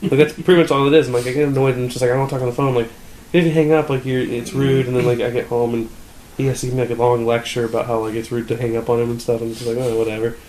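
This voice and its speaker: Young man, rapid rambling talk, lots of filler words, profane, echoey room. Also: medium pitch, little pitch movement, a little mellow. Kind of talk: casual chat, storytelling. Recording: echoey room, faint background noise.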